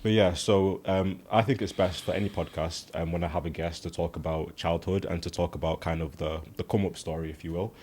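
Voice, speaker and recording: A man's voice: low-pitched, fairly even intonation, fairly quick, hardly any pauses, darkish tone, slight background noise. A man hosting a podcast, introducing and questioning his guest in a friendly, laid-back way with frequent "um"s. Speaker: podcast host.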